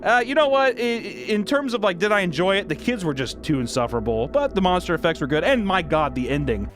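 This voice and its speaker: Profane, animated comedic reviewer, man. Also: sits high, fairly quick. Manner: sarcastic, profane rants. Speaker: video reviewer. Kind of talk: comedic commentary.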